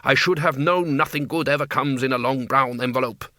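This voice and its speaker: A man's voice: medium pitch, fairly quick, pushed and bright, dry recording, studio quality, natural voice. A man voicing a grumbling, nervous middle-aged vampire count in an audiobook. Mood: grumpy. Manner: whiny, complaining.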